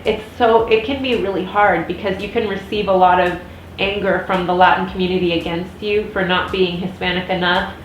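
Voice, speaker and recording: A woman's voice: on the low side, fairly even intonation, brisk. A woman in her thirties with an American accent, rambling through a casual vlog rant with many fillers and restarts. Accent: General American. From United States. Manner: chatty, frequent restarts and fillers. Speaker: vlogger. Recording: echoey room with faint noise.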